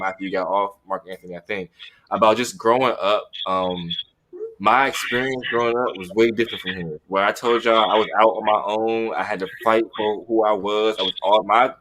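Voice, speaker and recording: A young man in a loose podcast conversation, voice sitting on the low side. He talks openly and with energy, slipping into little acted-out lines. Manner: animated, acts out what he would say. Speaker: podcast co-host. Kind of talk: candid casual podcast chat.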